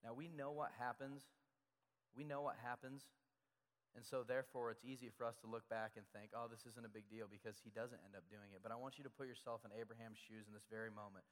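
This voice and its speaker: A man's voice: medium pitch, fairly even intonation, quick pace, in a large hall. A man preaching a sermon as pastor, talking conversationally and repeating key phrases for emphasis.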